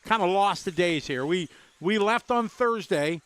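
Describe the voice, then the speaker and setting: A man's voice: high-pitched, animated, a little slow, fairly bright tone, clean tone. A man commentating a radio-controlled car race in a loose, chatty way, greeting viewers by name. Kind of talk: casual live race commentary.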